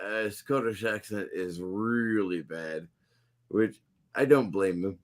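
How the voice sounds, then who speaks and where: A man hosting a casual live stream, talking slowly with many halting pauses. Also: on the low side. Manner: slow, halting, lots of uh fillers. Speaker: stream host.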